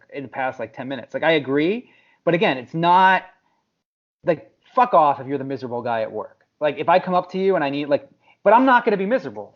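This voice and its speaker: A man co-hosting a podcast, ranting in casual chat and mimicking people in exaggerated voices. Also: fairly high pitch. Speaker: podcast co-host. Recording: dull lo-fi sound.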